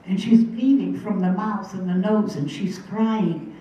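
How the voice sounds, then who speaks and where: An earnest woman in her eighties recounts her story before a live audience, and her warm, mellow voice sounds distant from the mic. The big room rings with heavy echo, and the muffled, dull recording carries a faint hum. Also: mid-range voice, unhurried. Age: 80s. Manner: earnest, vivid retelling with repeated phrases. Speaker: guest speaker. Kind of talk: personal storytelling talk to an audience.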